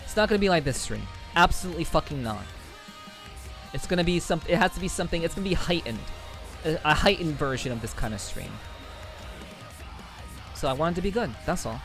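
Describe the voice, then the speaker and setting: A man's voice: a little high, animated, brisk, pauses often, a bit bright. A man chatting casually with his livestream audience in a profane, rambling way, often repeating himself and laughing. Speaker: livestreamer reading chat. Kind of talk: casual stream chat. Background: faint background music.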